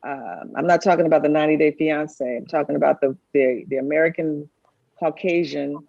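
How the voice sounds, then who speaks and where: A woman from California co-hosting a casual podcast, quick to laugh and to jump in over others. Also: low voice, creaky, a little mellow, dry recording, lo-fi sound. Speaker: podcast co-host. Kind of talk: casual chat.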